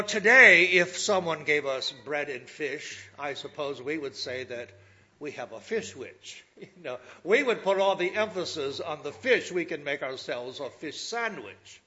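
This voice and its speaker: Slow, animated preaching man. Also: on the high side, highs cut off. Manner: slow, lively delivery with asides to the listeners. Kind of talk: sermon.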